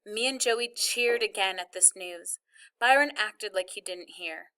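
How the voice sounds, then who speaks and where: A woman reading a novel aloud as its first-person narrator, telling the story in a wry, lively way. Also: mid-range voice, unhurried. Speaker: audiobook reader.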